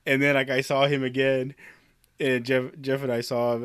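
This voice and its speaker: A man's voice: medium pitch, level tone, moderate pace, a bit bright, clean tone, no echo. A man co-hosting a film podcast, telling a rambling, profane story with frequent laughter. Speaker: podcast co-host. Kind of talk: casual chat, storytelling.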